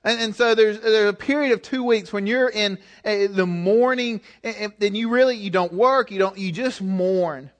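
High-voiced man preaching a conversational sermon. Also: moderate pace, hardly any pauses. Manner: conversational, emphatic exhortation.

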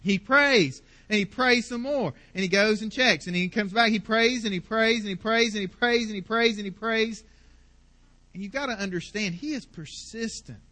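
A man's voice: sits high, normal speed, sharp tone. A man preaching a sermon as pastor, emphatic and passionate, stacking up repeated phrases.

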